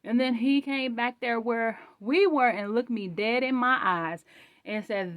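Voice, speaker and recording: A woman hosting her own channel, sharing a spoken faith testimony in a rambling, animated way with many restarts. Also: fairly high pitch, unhurried, no room sound, dull audio.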